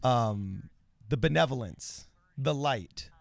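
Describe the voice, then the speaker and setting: A man's voice: mid-range voice, animated, takes it slowly, gravelly, no echo. A man co-hosting a casual political live stream, joking around and reading viewer comments aloud. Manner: jokey, reads chat comments aloud. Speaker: co-host.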